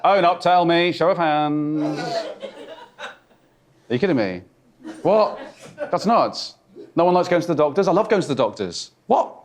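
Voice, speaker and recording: A man's voice: a little high, animated, moderate pace. A man doing stand-up comedy in a theatre, talking in a hesitant, awkward, mock-intimate way with sudden outbursts. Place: theatre stage before a laughing audience. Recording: loud crowd laughter in a theatre. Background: audience laughter.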